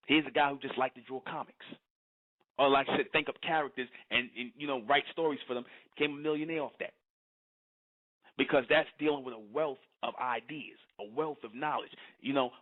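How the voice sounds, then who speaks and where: Preachy male commentator, somewhat high voice, thin phone-quality audio, lecturing nonstop. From United States. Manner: lecturing, keeps asking "you understand?". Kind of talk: preachy monologue. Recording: tinny phone-like sound.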